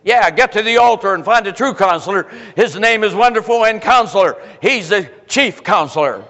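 An older man from Pennsylvania preaching a sermon as pastor, filling pauses with "uh" and acting out the people's complaints. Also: sits high, expressive, fairly bright tone. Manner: preachy, filler-heavy, voices the crowd's complaints. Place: church sanctuary. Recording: long church reverb.

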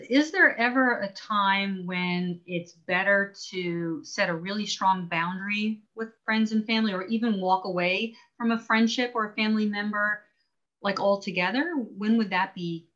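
A woman host putting measured questions to a guest in a workshop. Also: medium pitch, a bit bright, highs cut off. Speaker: interviewer. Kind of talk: asking questions in an online workshop.

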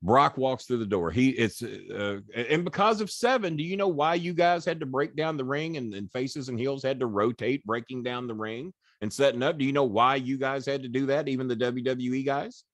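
A man's voice: mid-range voice, normal speed, hardly any pauses, no echo, clean studio sound. An older man, a podcast guest, animatedly retelling a story in casual chat, swearing freely and acting out the quoted voices.

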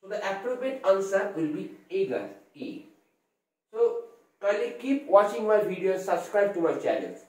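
Indian English male tutor, fairly high voice, slow explaining manner, recorded from afar in an echoey room. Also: sing-song. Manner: explains slowly, spells words out letter by letter. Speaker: English teacher. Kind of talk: exam-prep lesson. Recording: very echoey room, voice far from mic.

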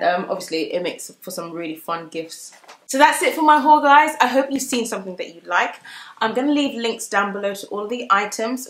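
A woman's voice: a little high, a bit bright. A young woman chatting casually in a bubbly, filler-filled way as she shows off a shopping haul for her vlog. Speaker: vlogger. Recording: echoey room.

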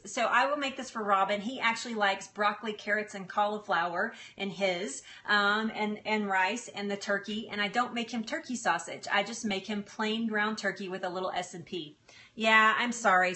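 A middle-aged woman with a bright, medium-pitched voice chats live from her home kitchen as a cooking host and health coach. She is chatty and apologetic, laughs often, and stalls with fillers while she cooks.

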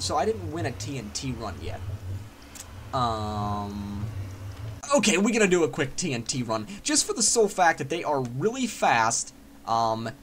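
A man's voice: a little high, a little hiss or hum. A man giving casual, rambling, self-mocking commentary while playing a video game. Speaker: gaming channel host. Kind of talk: casual let's-play commentary. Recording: loud game music under voice. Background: loud game music and explosions.

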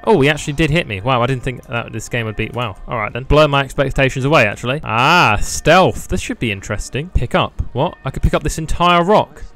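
A man's voice: mid-range voice, a little fast, hardly any pauses, fairly bright tone, soft background music. A man doing sarcastic comedic commentary while playing a video game, laughing often and mocking it. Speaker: gaming YouTuber. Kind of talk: comedic let's play commentary.

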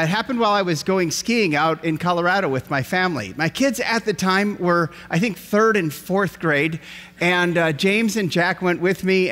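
Middle-aged male pastor, high lively voice, sermon storytelling in a church with long reverb. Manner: animated storyteller acting out voices. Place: church sanctuary.

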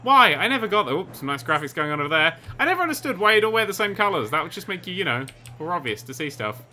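A man commentating over a video game he is playing, excitable and sarcastic, swearing often. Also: sits high, fast, slight background noise. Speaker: gaming commentator. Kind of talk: let's play commentary.

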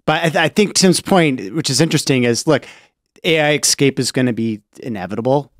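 A man's voice: mid-range voice, fairly quick, no echo. Podcast guest guy, easygoing, says right a lot, dry mic. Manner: relaxed, agreeable, frequent short affirmations. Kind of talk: casual podcast discussion.

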